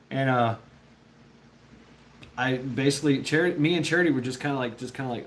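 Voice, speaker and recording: A man's voice: mid-range voice, a little fast, pauses often, fairly bright tone, a little hiss or hum. Rambling, foul-mouthed male streamer. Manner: rambling, profane, laughs often, talks to chat. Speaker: livestreamer chatting with viewers. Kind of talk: casual storytelling.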